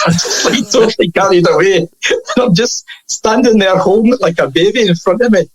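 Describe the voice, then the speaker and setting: Scottish man, podcast guest, chatty raconteur who chuckles through his tales, pitched a touch high. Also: moderate pace, slightly rough, rough recording. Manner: lively storyteller, laughs at his own tales. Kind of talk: casual anecdote telling.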